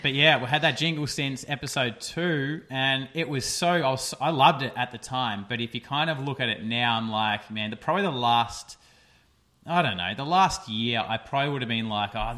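A man's voice: mid-range voice, normal speed, bright, forceful tone. Man, podcast host, casual chat, mid-range voice, lots of ums. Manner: chatty, rambling with many fillers.

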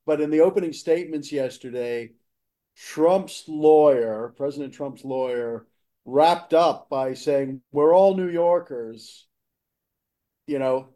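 A man from Boston co-hosting a podcast discussion, talking in an animated way and stressing key words. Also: mid-range voice, measured pace. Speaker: podcast co-host. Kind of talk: conversational discussion.

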